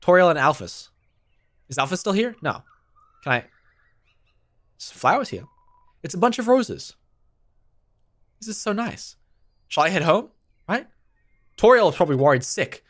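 A man's voice: high-pitched, big pitch swings, moderate pace, long pauses, a bit bright. A young man playing a video game, reading its text aloud and putting on voices for the characters in casual chat. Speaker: gameplay streamer. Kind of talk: let's play with read-aloud dialogue.

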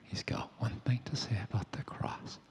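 A man preaching a sermon in a hoarse, breathy near-whisper, slow and emphatic, stretching out key words. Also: darkish tone. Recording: long hall reverb.

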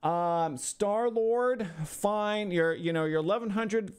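A man's voice: sits high, takes it slowly, smooth. A man streaming a mock-insulting review of a viewer's game roster, ranting profanely and sarcastically in exasperation. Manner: sarcastic, talks back to imagined hecklers. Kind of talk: mock-insulting livestream commentary.

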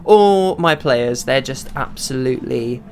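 A young man at a desk mic calls his football game as it plays. He chats to himself at an ordinary pitch, then jumps into high, excited yelps whenever a chance falls. It sounds like live, unscripted gameplay commentary. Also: a little slow, slight background noise. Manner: excitable, talks to himself, bursts into high shouts at big chances. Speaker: gaming YouTuber.

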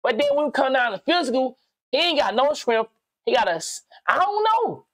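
A man giving casual reaction commentary on a video, slangy and animated, rambling and swearing as he thinks aloud. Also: very high voice, brisk, no echo.

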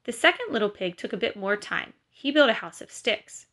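A woman's voice: on the high side, moderate pace. Woman teacher reading aloud. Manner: clear, patient teacher talk, animated reading. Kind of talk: recorded lesson with read-aloud.

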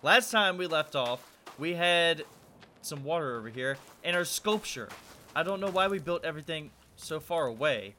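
Nervously muttering to himself while playing, this young gaming video host runs a let's-play at a moderate pace. His voice is fairly high, pushed and bright, with slight background noise behind it.

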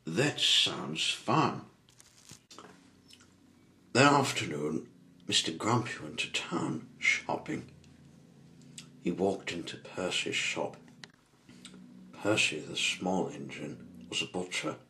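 A man narrating a children's story, expressive and asking the listener questions along the way. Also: low voice, takes it slowly, vocal fry, pauses often, slight background noise.

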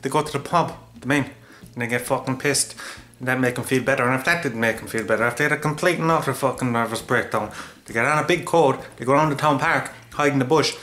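A man's voice: medium pitch, fast, hardly any pauses, fairly bright tone, close to an everyday voice. A man doing a blunt, crude older man. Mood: scoffing. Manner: blunt, coarse, dismissive.

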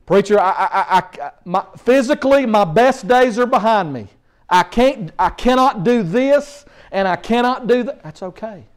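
A middle-aged male preacher tells his story with animated, emphatic repetition. His voice sits high for a man. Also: normal speed. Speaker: guest preacher. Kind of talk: storytelling sermon.

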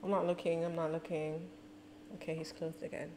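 A woman reacting out loud to music videos in a casual, excitable way, laughing and exclaiming. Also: deep voice, brisk, noisy background. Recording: clear music underneath. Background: music playing.

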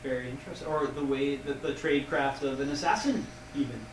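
A man's voice: medium pitch, a little fast. A man playing a tabletop game with friends, wry and joking. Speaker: player. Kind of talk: casual tabletop play. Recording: noisy room, distant mic, echoey.

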